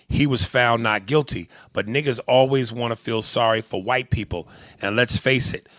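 A man's voice: mid-range voice, a bit bright, no room sound, studio quality. A man co-hosting a casual podcast, joking loosely and swearing often while he reads listener mail. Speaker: podcast co-host.

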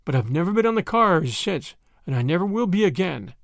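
A man's voice: high voice, big pitch swings, brisk, gravelly, no echo, studio quality, exaggerated voice. A man voicing a kindly, stubborn old grandmother who speaks earnestly and plaintively.

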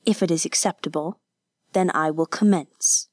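A woman voicing a calm, mercenary male ninja spy who bargains coolly, read in an audiobook. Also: on the high side, moderate pace, no echo, clean studio sound, natural voice. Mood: cold.

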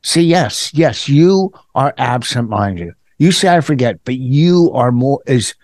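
A man's voice: mid-range voice, expressive, slow pace, a little mellow, no echo. An older man co-hosting a comedy podcast, joking and bragging in casual banter. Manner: boastful, joking. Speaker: podcast co-host.

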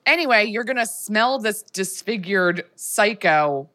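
A woman's voice: mid-range voice, animated, a bit bright. A woman co-hosting a comedic podcast, reacting in disbelief to her co-host's movie recap. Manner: incredulous, quick reactions. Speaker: podcast co-host. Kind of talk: casual comedic chat.

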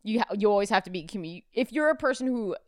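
Woman hosting a podcast, smooth clean voice, dry close sound, stops and restarts a lot. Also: mid-range voice, expressive, a little mellow, dry recording. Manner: candid, halting, self-correcting. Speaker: podcast host. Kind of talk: casual podcast chat.

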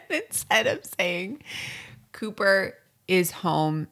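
A middle-aged woman co-hosting a podcast in casual chat, animated and laughing often as she acts out quotes. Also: mid-range voice, extremely slow. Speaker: podcast co-host.

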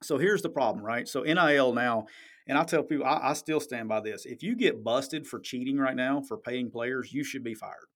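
A man's voice: medium pitch, moderate pace. A man hosting a podcast, talking sports in a blunt, emphatic, profane way and often checking "okay?". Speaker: podcast host. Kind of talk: casual sports talk.

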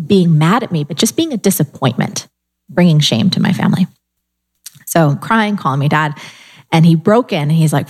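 A middle-aged woman telling her life story in casual conversation, animated, acting out her own inner voice and the people she quotes. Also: low voice.

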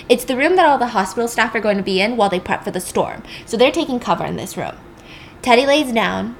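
A woman's voice: medium pitch, slight background noise. A young woman casually retelling a film's plot with chatty, wry, sarcastic asides. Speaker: storyteller. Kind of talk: casual film recap.

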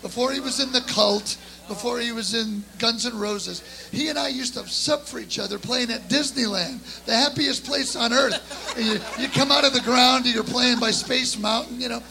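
A middle-aged man and drummer telling an animated story to a live audience, acting out the voices of the people in it. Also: very high voice, normal speed, gravelly, low-quality recording. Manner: lively, acts out the voices in his story. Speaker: guest drummer.

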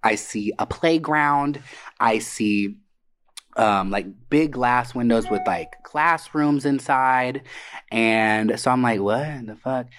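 A man tells personal stories on a podcast in a loose, animated way, swearing freely. He slips into the voices of the people in his stories as he goes, and his pitch sits in an ordinary middle range for a man. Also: slow, clean tone. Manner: animated, profane, acts out quoted voices. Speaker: podcast co-host. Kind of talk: casual storytelling. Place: Atlanta area.

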